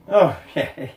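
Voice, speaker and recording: Slow-talking blunt man co-hosting. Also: darkish tone. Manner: blunt, sweary. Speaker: movie review co-host. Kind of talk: casual podcast chat. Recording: roomy, distant mic.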